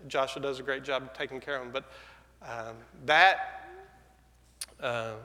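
A man pastor telling a story in a sermon, conversational and halting with fillers and restarts. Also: medium pitch, sharp tone. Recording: echoey hall sound.

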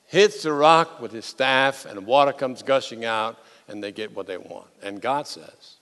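A man, a pastor preaching a sermon, telling the story with animated swings from loud to hushed. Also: mid-range voice, unhurried, few pauses. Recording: long hall reverb.

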